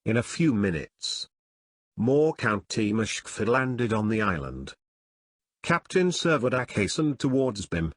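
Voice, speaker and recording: A man narrating a classic adventure novel in a measured, expressive reading. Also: fairly low pitch, no echo, clean studio sound. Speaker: audiobook narrator. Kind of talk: scripted narration.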